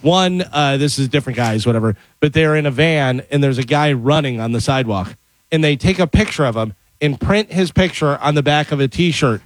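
Co-host, man, slightly high pitch, rambling chuckling storyteller, dry sound. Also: fairly quick, no room sound. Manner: rambling retelling with chuckles and filler words. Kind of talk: casual radio chat.

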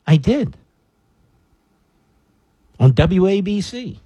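A man's voice: high-pitched, big pitch swings, drawn-out words, mellow, breathy edge, no echo. A middle-aged man hosting a talk radio show, reading news stories aloud and breaking off into sarcastic, combative rants.

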